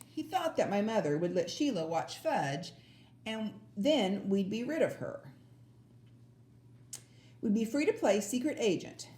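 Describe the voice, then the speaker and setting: Expressive woman reading a storybook aloud. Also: mid-range voice, echoey room. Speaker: audiobook reader.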